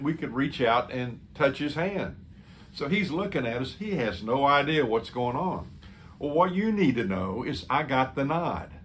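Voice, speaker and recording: A man's voice: medium pitch, fairly bright tone, slight background noise. A man speaking as a pastor, earnestly telling a story in a sermon and quoting what he said to someone. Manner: earnest, quoting his own words to others.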